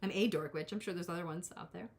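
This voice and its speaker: A woman's voice: lowish voice, fast, a little mellow, slightly rough. A woman hosting a live tarot reading, chatting casually with viewers and drifting into self-deprecating asides. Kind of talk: casual live-stream chat.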